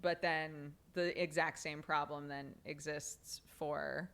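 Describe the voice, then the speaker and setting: A woman's voice: sits low, little pitch movement, slow pace, fairly bright tone. A woman streamer chatting casually with her viewers, rambling with lots of filler words, swearing and laughing often. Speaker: streamer answering chat. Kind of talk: casual live-stream chat.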